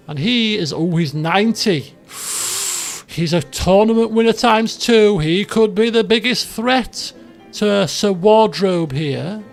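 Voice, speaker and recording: High, gravelly man commenting on gameplay. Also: a little slow, soft background music. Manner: rambling, with many fillers and excited outbursts. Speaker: let's play gamer.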